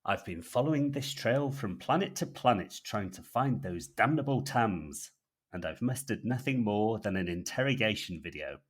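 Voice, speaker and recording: A man voicing a calm, emotionless male government operative in a comic podcast sketch. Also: lowish voice, normal speed, husky. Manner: calm, flat, controlled.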